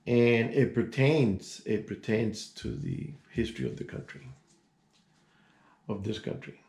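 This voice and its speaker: Older man in his sixties with a gravelly, creaky voice. Casual storyteller who rambles and restarts. Echoey room. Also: mid-range voice, unhurried, a little mellow. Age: 60s. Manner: rambling, digressive, many restarts and asides. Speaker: vlogger telling a personal story.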